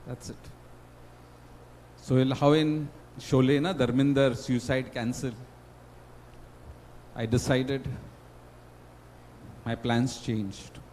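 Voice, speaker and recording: A middle-aged man with an Indian English accent giving an emotional personal testimony as a guest speaker, with dramatic swings in loudness. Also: mid-range voice, little pitch movement, takes it slowly, long pauses, slight background noise, low-quality recording. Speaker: guest speaker at a student induction.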